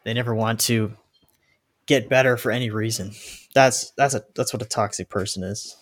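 A man co-hosting a casual fitness podcast, relaxed and reflective, quick to laugh. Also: fairly low pitch. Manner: laid-back, laughs easily, reflective. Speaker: podcast co-host.

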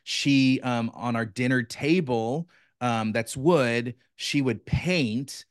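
A man in his thirties, a guest on a podcast and a coach, talking in an energetic, enthusiastic way and saying "bro" often. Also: medium pitch, takes it slowly, dry recording, clean studio sound. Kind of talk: casual chat.

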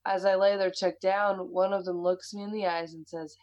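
A woman's voice: mid-range voice, flat delivery, normal speed, few pauses, darkish tone, highs cut off. A woman with an American accent, casually chatting and reading a listener's story aloud, laughing often and swearing freely. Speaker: podcast co-host.

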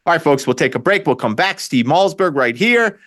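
A man's voice: on the high side, moderate pace. A man hosting a talk radio show, delivering an opinionated, sarcastic political monologue with frequent restarts. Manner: animated, sarcastic, repeats himself and restarts.

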